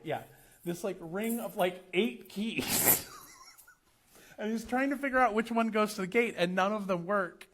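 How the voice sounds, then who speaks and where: In a casual vlog, a young American man with a high-pitched voice tells a travel story. He's animated and laughs often while acting out the people he met.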